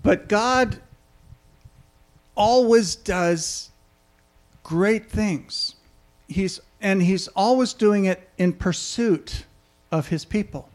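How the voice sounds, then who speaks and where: A man's voice: high-pitched, drawn-out words, pauses often. A man preaching a sermon in a conversational way, often asking his listeners questions. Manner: conversational, asks the audience questions.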